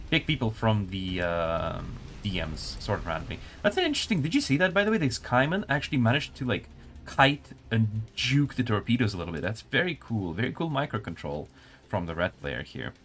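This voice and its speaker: A man's voice: lowish voice, sing-song, moderate pace, fairly bright tone. A man working as a community manager, casually chatting with viewers and commenting on a match during a live stream. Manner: casual, answers chat while spectating a match.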